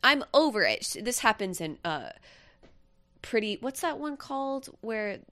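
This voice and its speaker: A woman's voice: on the high side, very animated, a little slow, sharp tone, dry recording, studio quality. A woman co-hosting a podcast, chatting casually and rambling with lots of fillers. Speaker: podcast co-host. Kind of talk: casual chat.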